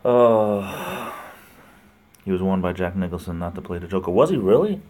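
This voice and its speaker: Low-voiced man chatting on a livestream. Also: moderate pace, a little mellow. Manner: rambling, chatty, greets viewers by name; laughs often between remarks. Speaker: livestream host. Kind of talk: casual live chat reading viewer comments.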